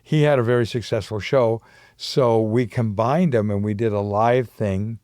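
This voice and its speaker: A man's voice: lowish voice, moderate pace, a little mellow, no echo, studio quality. An older man, a musician guest on a community radio show, telling rambling stories and giggling often. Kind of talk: casual radio conversation.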